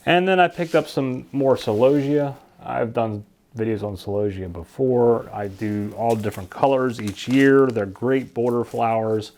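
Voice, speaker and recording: A man's voice: medium pitch, measured pace, darkish tone. A man casually talking to camera about his seeds, rambling and stumbling over plant names he can't pronounce. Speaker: gardening vlogger. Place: basement at home.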